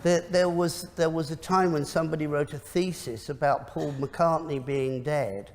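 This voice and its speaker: A man with a slightly high voice tells a rambling story in a casual archival interview clip, repeating phrases as he talks. The sound carries a long reverb tail from a live space. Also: fairly even intonation, moderate pace, a little hiss or hum. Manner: chatty, repeats himself. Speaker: interview guest.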